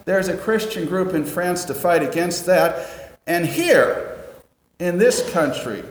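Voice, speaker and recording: A man preaching a sermon conversationally, dropping low and quiet to stress a point. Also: a little hiss or hum. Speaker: pastor. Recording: echoey hall with long reverb.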